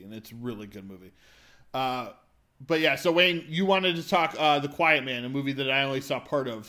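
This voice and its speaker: A man's voice: mid-range voice, a bit bright. A man hosting a podcast, casually reviewing movies with frequent "uh" and "um" hesitations. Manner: hesitant, many "uh" and "um" fillers. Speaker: podcast host.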